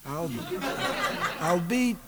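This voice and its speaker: A wheezy, chuckling two-thousand-year-old man who drawls every word at a crawl in a high, swooping voice. It comes off an old comedy record, with loud hiss all around it. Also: wildly swooping pitch, over a noisy crowd, heavily acted. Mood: amused. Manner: giggling, slow drawl.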